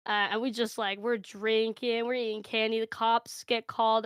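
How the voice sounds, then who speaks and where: A woman spins an improvised comic story, deadpan and gleefully profane. Her voice sits a little high and sounds smooth and clear. The sound is dry and close, with no room echo. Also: moderate pace, few pauses.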